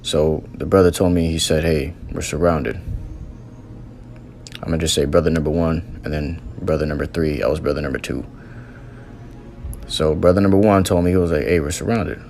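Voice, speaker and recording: A man's voice: very deep voice, steady tone, brisk, darkish tone, a little hiss or hum. A man earnestly recounting a religious vision as a testimony, in loose storytelling with many fillers.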